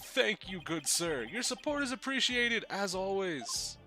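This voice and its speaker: Here is a preening, self-important young politician who proclaims every line grandly, as a man puts him on. His voice is pushed well above a normal speaking pitch. Game music plays clearly underneath. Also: big pitch swings, a little slow, pushed and bright, heavily acted. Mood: smug. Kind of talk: reading game dialogue aloud in voices.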